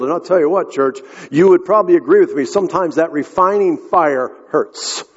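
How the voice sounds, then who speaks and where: A man's voice: on the high side, moderate pace, hardly any pauses, breathy edge. A man preaching a sermon, telling a story earnestly and speaking directly to the congregation. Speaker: pastor. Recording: echoey hall, dull lo-fi sound.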